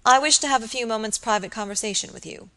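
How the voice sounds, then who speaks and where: A woman's voice: fairly high pitch, fast, bright, forceful tone, pitched above the performer's own voice. A woman reading an audiobook and voicing a grave, suspicious young male barrister who speaks with insistent earnestness.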